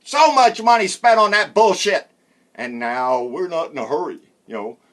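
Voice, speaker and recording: A man's voice: high voice, expressive, normal speed, a bit bright. A man delivering a sarcastic, blunt political rant as host of his own show. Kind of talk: ranting political monologue.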